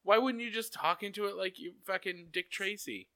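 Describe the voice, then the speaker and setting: A man's voice: high voice, a little fast, bright, forceful tone. A man co-hosting a podcast, riffing in a casual chat with swearing and mock outrage. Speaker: podcast co-host.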